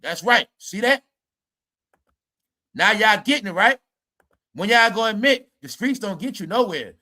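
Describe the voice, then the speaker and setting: Brash high-voiced man ranting. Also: expressive, unhurried, bright, forceful tone. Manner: brash, mocking, repeats "y'all" and "bro". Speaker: commentary streamer. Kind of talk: ranting commentary.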